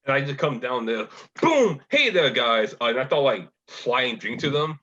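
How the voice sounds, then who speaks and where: A man playing a tabletop game who talks in an energetic, playful way, on dull lo-fi audio. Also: medium pitch, moderate pace, slight background noise. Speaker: player.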